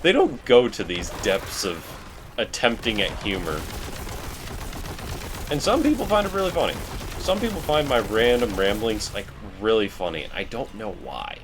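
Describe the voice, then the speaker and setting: A man's voice: fairly low pitch, sing-song, normal speed, noisy background. A man rambling in casual, self-deprecating commentary while he plays a video game. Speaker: let's play host.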